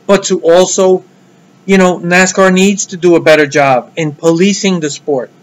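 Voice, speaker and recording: A man's voice: high voice, low-quality recording. A man giving a heated, blunt solo rant about motor racing, swearing freely. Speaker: motorsport commentator vlogger.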